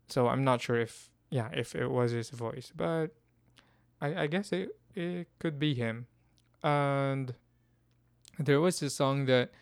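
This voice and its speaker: Slow, hesitant man reviewing a film. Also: mid-range voice, clear, resonant tone, no room sound, studio quality. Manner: hesitant, restarts and hedges often. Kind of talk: casual film review chat.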